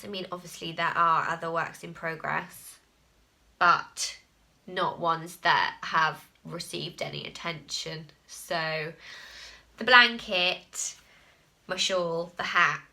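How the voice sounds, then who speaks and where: Bright, chatty woman podcast host. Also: fairly low pitch, gravelly. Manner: chatty and self-deprecating, laughs at herself often. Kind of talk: casual chat.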